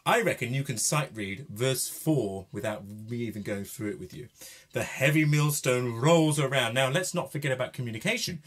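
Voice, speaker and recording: A man's voice: medium pitch, animated, brisk, hardly any pauses, fairly bright tone, husky. A man leading a group singing lesson, coaching and encouraging his singers. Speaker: singing workshop leader. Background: piano playing.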